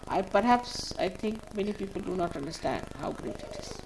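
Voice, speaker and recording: A woman's voice: medium pitch, expressive, moderate pace, background noise. An older woman, a spiritual teacher, giving a spoken talk to a gathering in a motherly, scolding way, often repeating short commands.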